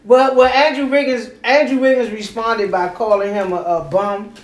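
A woman leads a loose sports talk show, her fairly high voice pushing her point and cutting across the others. She repeats herself to hold the floor. The room sounds echoey. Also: normal speed. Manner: animated, talks over others, repeats phrases. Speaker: podcast host.

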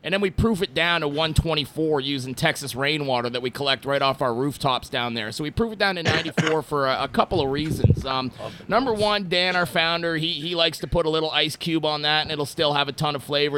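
A man from Montreal, Canada, talking casually about his work at a distillery, telling relaxed stories with lots of fillers. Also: on the high side, brisk, slight background noise. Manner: relaxed storytelling with many fillers. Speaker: distillery brand representative. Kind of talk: casual interview talk.

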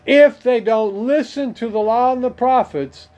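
A man teaching scripture, reading verses aloud and pausing to comment on them in a slow, deliberate way. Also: extremely high pitch, darkish tone. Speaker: preacher.

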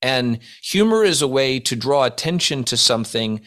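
Man, podcast co-host, deadpan mock-serious storyteller who breaks into laughter. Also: medium pitch, moderate pace. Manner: mock-solemn storytelling, laughing through his own jokes. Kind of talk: casual comedic chat.

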